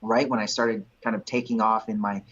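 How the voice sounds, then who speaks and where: Husky-voiced man telling animated stories. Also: lowish voice, fairly quick. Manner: animated storyteller who acts out quotes. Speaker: guest. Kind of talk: storytelling in an interview. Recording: dull lo-fi recording.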